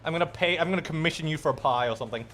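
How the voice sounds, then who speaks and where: A man's voice: fairly high pitch, very fast, fairly bright tone, faint music behind. A young man, a streamer, chatting casually and playfully with viewers while gaming. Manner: chatty and playful, reacts to chat. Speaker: streamer and host.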